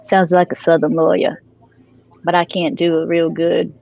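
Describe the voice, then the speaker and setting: A woman's voice: on the low side, little pitch movement, normal speed, creaky, a little mellow, highs cut off. A woman joking and teasing as a panelist in a casual live stream chat.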